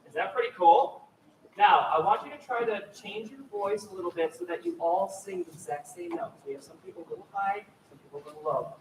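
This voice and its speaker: High, lively man coaching a choir. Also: fairly quick. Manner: upbeat, encouraging, demonstrates vocal sounds. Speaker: choir clinician. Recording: echoey hall, distant mic, loud ambient noise.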